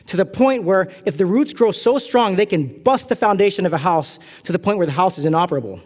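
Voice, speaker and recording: A middle-aged man from California delivers a sermon in a fairly high-pitched voice. He tells animated, self-deprecating stories with lively asides. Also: fast talker, hardly any pauses. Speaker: pastor.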